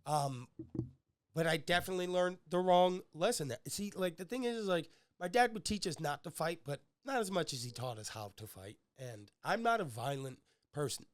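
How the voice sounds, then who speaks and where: A man's voice: a little high, expressive, moderate pace, no room sound. A young man hosting a podcast, telling rambling, crude, joking stories in casual chat. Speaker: podcast host.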